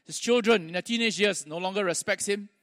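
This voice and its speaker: A male pastor preaching, telling stories with pauses and small restarts. His voice sits high for a man, and a long church-hall reverb trails each phrase. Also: fairly bright tone. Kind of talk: sermon.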